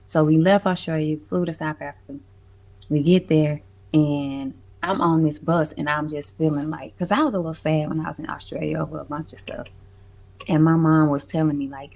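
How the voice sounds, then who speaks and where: A woman talking about her music events in a casual, expressive interview, slangy and swearing freely. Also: sits low, fairly quick. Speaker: music event curator, guest.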